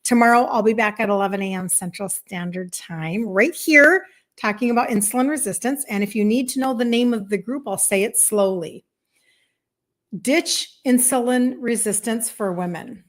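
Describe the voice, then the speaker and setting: A woman's voice: medium pitch, fairly quick, a bit bright. A woman in her fifties, a health coach talking casually and emphatically to viewers on a live stream, encouraging and faith-tinged, acting out inner voices. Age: 50s.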